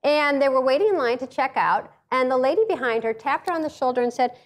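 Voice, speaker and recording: A woman's voice: high-pitched, a little fast, hardly any pauses. A middle-aged woman giving a humorous talk, telling stories with jokes and acting out other people's voices, pacing as she speaks. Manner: animated, jokey, acts out voices of others; paces while speaking.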